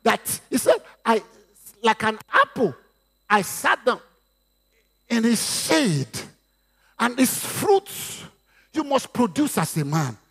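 A man's voice: very high-pitched, slow pace, gravelly, pauses often, breathy edge. A man with a Nigerian accent preaching a sermon, slipping into Yoruba and acting out quotes. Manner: lively preaching with Yoruba asides and acted quotes. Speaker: pastor.

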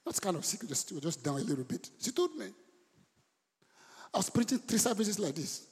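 A man preaching a passionate sermon as a pastor in church, building from quiet storytelling up to shouts. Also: high-pitched, sing-song, moderate pace, slightly rough, in a large hall. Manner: impassioned preaching, rising to shouts.

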